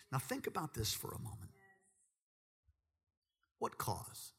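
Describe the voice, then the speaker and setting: A middle-aged man preaching a sermon, telling a story with jokes and swinging from quiet asides to loud exclaiming in a church service. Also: medium pitch, husky. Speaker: pastor.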